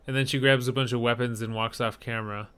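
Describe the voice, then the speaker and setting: A man's voice: medium pitch, steady tone, fast, a bit bright, clean tone. A man co-hosting a casual podcast chat, matter-of-fact with dry humor. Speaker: podcast co-host.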